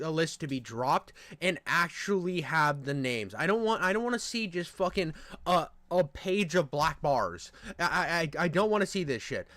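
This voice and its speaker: A nasal man talks over a video in loose, rambling reaction commentary full of profanity. His voice sits high for a man. The recording is dry and close, with no room sound. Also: a bit bright, dry recording.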